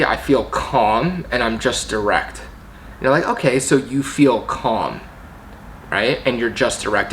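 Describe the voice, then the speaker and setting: A man's voice: mid-range voice, fairly bright tone, slight background noise. A man teaching a coaching method, explaining step by step and often checking in with "right?". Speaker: coaching trainer. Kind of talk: teaching video.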